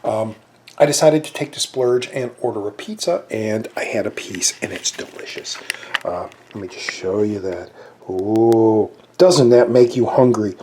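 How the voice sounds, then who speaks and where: A man's voice: on the low side, unhurried, mellow, a little hiss or hum. Rambling chatty man vlogging. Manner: rambling, chatty, self-correcting; talks while eating. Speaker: movie review vlogger. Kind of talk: casual vlog chat.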